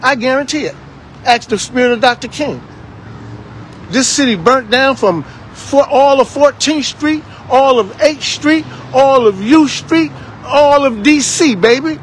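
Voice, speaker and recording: Fiery high-voiced man in his sixties. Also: unhurried, a little hiss or hum. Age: 60s. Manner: fiery, preachy, repeats phrases for emphasis. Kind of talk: impassioned political monologue.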